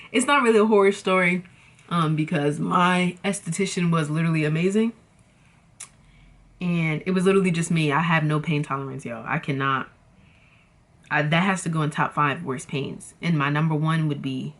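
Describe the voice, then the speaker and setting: Animated young woman telling a storytime. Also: deep voice. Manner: animated, dramatic, slangy, addresses viewers as y'all. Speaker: vlogger. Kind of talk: casual storytime chat.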